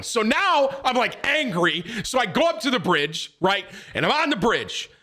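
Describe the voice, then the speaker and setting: Animated, cursing male streamer. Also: high voice, a little fast, hardly any pauses. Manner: animated, profane, acts out quotes in raised voice. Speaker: streamer telling a story. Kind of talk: casual storytelling to chat.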